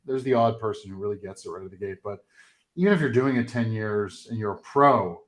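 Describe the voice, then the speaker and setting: A man's voice: lowish voice, fairly quick. A man who is a comedian and sales coach, chatting as a guest and telling stories with plenty of ums and likes. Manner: storytelling, filler-heavy, relaxed. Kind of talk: casual conversation.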